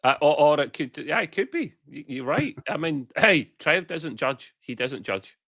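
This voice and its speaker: A man's voice: on the high side, lively intonation, moderate pace, fairly bright tone, no room sound, studio quality. A man co-hosting a podcast, teasing his co-host and laughing a lot in casual chat.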